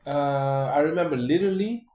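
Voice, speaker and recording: A man's voice: a little high, normal speed, dark tone, roomy sound. A man talking casually to his viewers in a rambling way, full of fillers, restarts and "man" and "guys". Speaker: vlogger. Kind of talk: casual monologue to camera.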